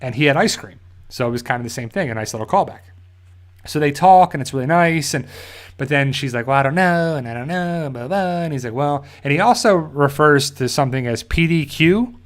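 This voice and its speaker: A man in the middle of a casual recap, his voice sitting at an ordinary pitch. He rambles along with lots of fillers and restarts, slipping briefly into the characters' lines as he retells the scenes. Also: animated, brisk. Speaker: host of a TV review channel.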